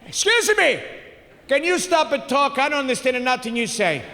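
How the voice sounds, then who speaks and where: Dude doing his fed-up immigrant dad yelling down the phone, broken english, loud and high, echoey room. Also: sing-song, moderate pace, slight background noise, full character voice. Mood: exasperated. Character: flustered older immigrant father on phone. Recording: echoey hall, faint ambience.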